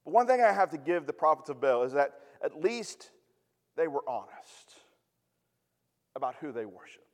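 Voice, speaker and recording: A man's voice: a little high, sing-song, moderate pace, long reverb tail. A man preaching a sermon in a conversational way, with humorous asides. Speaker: pastor.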